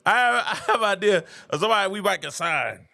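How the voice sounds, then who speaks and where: Animated high-pitched male sports host. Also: fairly quick, vocal fry. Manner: animated, laughing at his own jokes. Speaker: basketball show host. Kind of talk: casual sports commentary.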